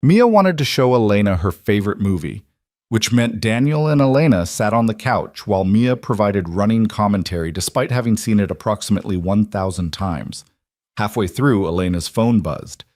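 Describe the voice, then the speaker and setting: A man narrating a scripted drama story in a measured, even reading. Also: fairly low pitch, no echo, clean studio sound.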